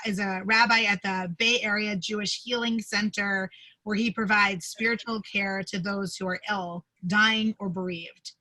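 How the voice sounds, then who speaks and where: Woman rabbi, bright tone, video call intro, emotional, halting delivery. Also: medium pitch, poor audio. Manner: warm, emotional, halting with fillers. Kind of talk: livestream service introduction.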